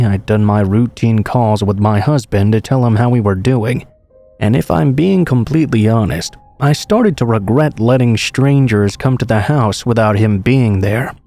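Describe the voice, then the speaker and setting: Male narrator for a horror story, measured and steady delivery, faint background music. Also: medium pitch. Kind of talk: scripted narration.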